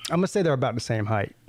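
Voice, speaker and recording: A man's voice: medium pitch, animated, fast talker, a crowd in the background. A man co-hosting a casual online show, teasing the others and asking question after question. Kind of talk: casual chat.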